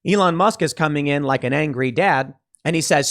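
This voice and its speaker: A man's voice: a little high, brisk, a bit bright. A man hosting a podcast, giving emphatic, sarcastic commentary. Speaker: podcast host. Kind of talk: opinionated commentary.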